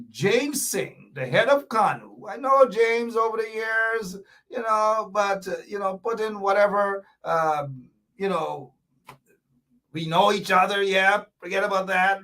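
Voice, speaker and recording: A man with a high voice hosts a lively commentary show. He hammers his points home and repeats them, with sarcastic asides along the way. He sits a little away from the microphone. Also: distant mic. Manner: emphatic, repetitive, sarcastic asides. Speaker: host. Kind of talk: animated political commentary show.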